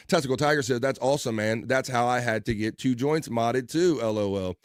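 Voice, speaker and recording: A man's voice: mid-range voice, a little fast, dry recording, clean studio sound. A man hosting a casual livestream, upbeat and playful as he reads out chat messages and greets viewers by name. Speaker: livestream host.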